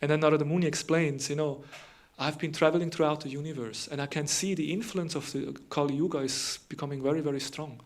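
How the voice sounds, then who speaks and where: A man's voice: fairly high pitch, steady tone, quick pace, hardly any pauses. A man giving a devotional morning lecture, retelling scripture in a loose conversational way with frequent fillers and restarts.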